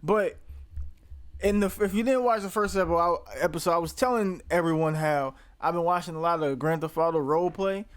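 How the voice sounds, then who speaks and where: A man's voice: fairly high pitch, moderate pace, no room sound. A man hosting a reaction video, rambling casually, laughing and swearing.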